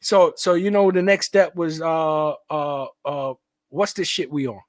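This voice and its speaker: A man with a Brooklyn accent co-hosting a podcast in casual chat, profane, with loud outbursts and drawn-out emphasis. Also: on the high side, fairly even intonation. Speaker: podcast co-host.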